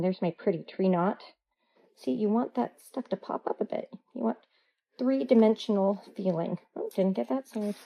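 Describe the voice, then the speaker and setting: A woman hosting a hands-on craft tutorial, chatty, playful and quick to get excited. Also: mid-range voice, rough recording.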